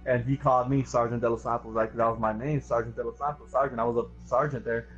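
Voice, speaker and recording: A young man hosting a casual podcast talk, telling animated stories and saying bro a lot. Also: medium pitch, fast talker. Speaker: streamer and podcast host. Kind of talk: casual chat, storytelling. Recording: dull lo-fi stream audio. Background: faint music.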